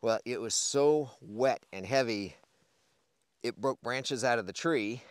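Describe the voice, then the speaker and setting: A man's voice: mid-range voice, slow, clean tone, no room sound. A man on a homestead, casually chatting on camera while tending animals outdoors in the snow, easygoing and joking. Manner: easygoing, talks gently to animals, tells dad jokes. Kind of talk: casual farm vlog chat. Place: outdoors on a snowy farm.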